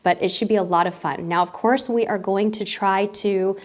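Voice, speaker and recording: A woman's voice: mid-range voice, steady tone, normal speed. Upbeat woman vlogging about travel. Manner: upbeat and chatty, with small self-corrections. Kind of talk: casual vlog talk to camera.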